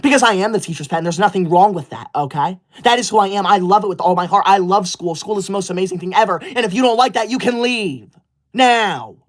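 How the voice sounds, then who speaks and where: A man's voice: high voice, fast talker, lightly acted. A man playing a bossy teacher's-pet streamer. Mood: indignant. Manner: indignant, scolding, self-righteous. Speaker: livestreamer character. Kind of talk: comedic skit of a livestream.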